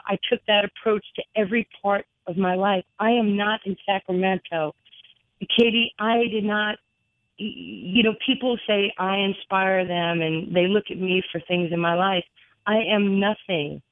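A middle-aged woman, a radio guest, telling a personal story with many fillers and an earnest, halting way of talking. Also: medium pitch, steady tone, dry recording. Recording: tinny phone line, dry.

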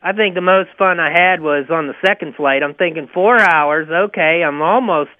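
A man's voice: a little high, moderate pace, no echo, narrow, tinny audio. A man with a pronounced twang, calling in by phone to tell a story. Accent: Southern US twang. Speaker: caller. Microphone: rotary phone.

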